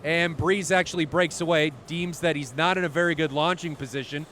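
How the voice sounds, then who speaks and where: A man with a slightly high voice calls a flight-sim match live, chatty and quick to correct himself. A faint hiss of noise sits under his voice. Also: fairly even intonation, a bit bright. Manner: chatty, reads chat aloud, corrects himself often. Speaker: esports commentator. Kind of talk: live play-by-play commentary.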